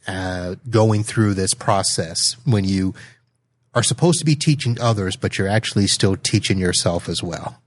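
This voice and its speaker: A man's voice: low-pitched, moderate pace. A man hosting a podcast, easygoing and joking at his own expense as he wraps up an interview. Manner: easygoing, laughs at himself. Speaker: podcast host. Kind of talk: conversational interview.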